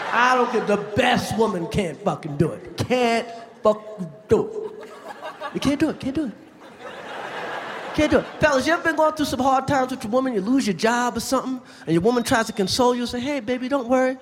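A man performing a profane stand-up comedy set in front of a live audience, with a loud, punchy delivery. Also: very high voice. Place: large theater stage with live audience. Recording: echoey live venue, crowd noise.

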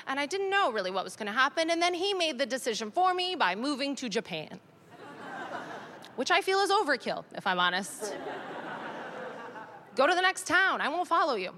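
A woman in her thirties doing stand-up, high and bright, her pitch leaping around as she delivers self-mocking lines with a deadpan edge. A faint hum sits behind her. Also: moderate pace, long pauses. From Canada. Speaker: stand-up comedian. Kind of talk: stand-up comedy.

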